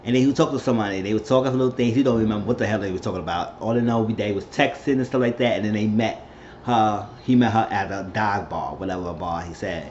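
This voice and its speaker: A man's voice: lowish voice, fast talker, a little mellow, a little hiss or hum. A man hosting a casual recap vlog, retelling a reality show episode in a rambling way and acting out what people said. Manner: rambling storyteller, acts out quotes. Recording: slightly dull lo-fi audio.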